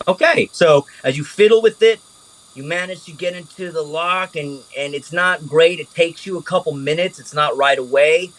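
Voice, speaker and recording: A man narrating a tabletop game as game master, animated and casual, swearing freely. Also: on the high side, moderate pace, low-quality recording.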